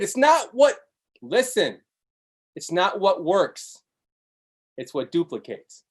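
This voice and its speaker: A man giving an energetic motivational sales pitch on a live webinar, chanting repeated slogans with big swings in pitch. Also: takes it slowly, pauses often. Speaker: network marketing presenter.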